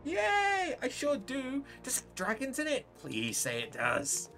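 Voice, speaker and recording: A woman's voice: sits high, huge pitch swings, unhurried, fairly bright tone, soft background music, pitched above the performer's own voice, heavily acted. A woman voicing an overjoyed little girl who loves dragons, gushing and squealing as she reads game dialogue aloud. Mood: excited.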